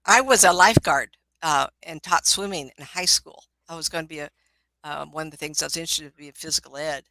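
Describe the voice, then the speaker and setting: Chatty older woman with a gravelly voice. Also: deep voice, fast, bright, forceful tone, dry recording, low-quality recording. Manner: chatty, motherly, calls people honey. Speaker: psychic medium. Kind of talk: casual live-stream reading.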